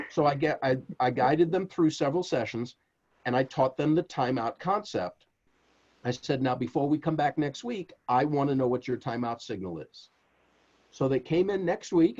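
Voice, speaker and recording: A man's voice: mid-range voice, dull audio. A man being interviewed as an author, telling stories emphatically and speaking straight to the host. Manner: animated, emphatic storyteller who addresses the host directly. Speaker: author guest. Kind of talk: interview storytelling.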